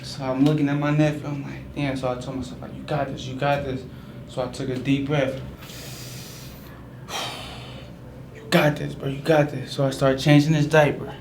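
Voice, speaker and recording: A man's voice: mid-range voice, moderate pace, vocal fry, pauses often. Slangy young Bay man, echoey. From San Francisco Bay Area. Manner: casual slangy retelling, many fillers of "like", animated when quoting himself. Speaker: storyteller. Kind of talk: personal spoken storytelling. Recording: echoey room, mic far off, noisy background.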